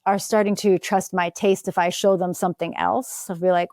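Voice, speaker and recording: A woman in her fifties with a Philadelphia accent, a guest chatting casually on a podcast, telling stories with quick wit and playful voices. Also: on the low side, no echo, clean studio sound. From Philadelphia area, US. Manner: quick-witted, animated storytelling with playful voices.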